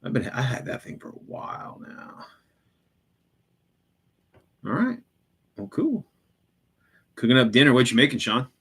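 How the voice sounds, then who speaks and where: A man's voice: mid-range voice, sing-song, a little slow, gravelly, pauses often, fairly bright tone, husky. A man hosting a live stream, chatting casually with viewers in a rambling, profane way full of fillers and restarts.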